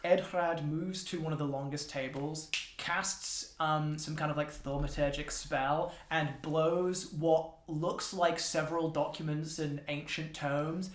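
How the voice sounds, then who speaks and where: A game master narrating a tabletop game in a lively, amused, halting manner. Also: mid-range voice, slight background noise. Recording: roomy echo.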